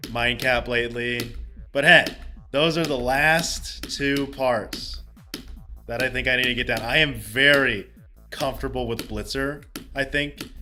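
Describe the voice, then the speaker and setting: A man streaming a game and chatting with his viewers in a loose, excitable way. He laughs a lot and swears casually. His voice is bright and sits at a mid pitch, with faint game music playing underneath. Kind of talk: casual live-stream chat while gaming.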